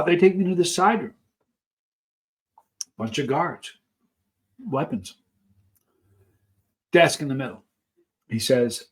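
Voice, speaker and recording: Casting: male vlogger, mid pitch, chatty storyteller, snack-tasting asides. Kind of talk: casual storytelling while taste-testing snacks.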